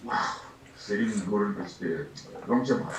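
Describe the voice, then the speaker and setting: An older man, a Buddhist lama, giving an unhurried, reflective dharma talk, laughing softly and acting out little scenes as he teaches. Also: fairly low pitch, slight background noise. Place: meditation hall. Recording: echoey room, distant mic, faint ambience.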